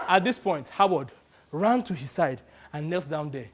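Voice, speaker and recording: Man from Nigeria telling a lively story. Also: fairly high pitch. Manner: lively, switches between quick asides and slow dramatic reading. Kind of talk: theatrical solo storytelling.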